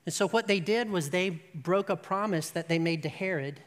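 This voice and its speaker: An animated preacher tells a story, building to emphatic peaks and checking in with the listeners. The voice sits at a middling pitch and carries a long, echoing hall reverb. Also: moderate pace. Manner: asks the audience "right?". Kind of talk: sermon storytelling.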